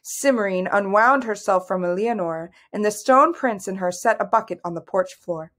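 Lady reading a fantasy book aloud, steady narration. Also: mid-range voice, moderate pace. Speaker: audiobook reader. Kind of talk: scripted narration.

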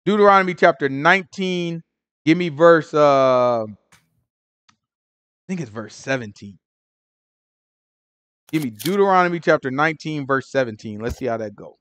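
Leading a Bible study, a man keeps things animated and conversational, repeating phrases and putting questions to the group. His voice is a little high, his pace moderate, and he pauses often. There's no echo on the recording.

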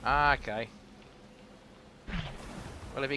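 A man's voice: medium pitch, animated, normal speed, bright, forceful tone. An Australian man chatting casually while streaming a game, cursing when things go wrong. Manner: chatty, swears when frustrated. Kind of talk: casual live game commentary. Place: home room with fireworks outside.

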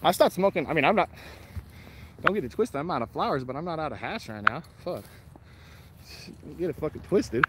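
High-voiced, profane man chatting outdoors. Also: animated, fairly quick, pauses often, heavy background noise. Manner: profane, blunt, laid-back, laughs often; shouts for his dogs. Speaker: vlogger reading live chat. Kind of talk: casual rambling chat on a walk. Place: outdoors on a morning walk with dogs.

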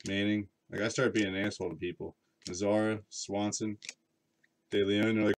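His voice sits on the lower side, brisk and fairly flat in pitch. As host of a card break live stream, he rambles casually with the chat and calls out card names as he goes.

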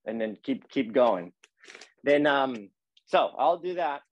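A man teaching a calligraphy lesson while demonstrating, talking in a relaxed, repetitive coaching way with many fillers. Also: medium pitch, takes it slowly, no room sound, lo-fi sound.

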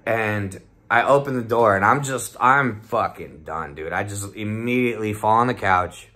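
A man's voice: lowish voice, normal speed, sharp tone. A young man telling a rambling, heavily profane story in a casual vlog, often acting out what his friends said. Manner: profane, rambling, swears constantly; acts out the voices of friends in quotes. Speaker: vlogger telling a trip report.

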